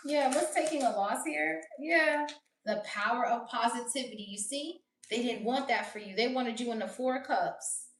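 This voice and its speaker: A woman with a fairly high voice gives a casual tarot reading, blunt and full of swearing, often breaking into laughter. She sits back from the mic in a roomy, echoing space. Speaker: tarot reader. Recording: roomy echo, voice distant from mic.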